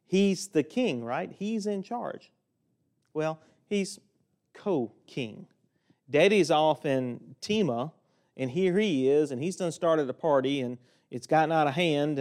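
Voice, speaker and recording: A man preaching a sermon from a lectern in a church, folksy and joking, swinging between loud stretches and quiet ones. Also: a little high. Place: church sanctuary, speaking at a lectern.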